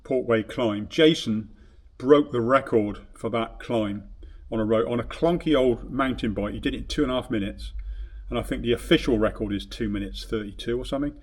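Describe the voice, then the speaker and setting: A man's voice: medium pitch, brisk, husky. A man who runs a bike shop, reminiscing casually on camera in his shop, rambling with many fillers and restarts and acting out remembered conversations. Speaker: bike shop owner and vlogger.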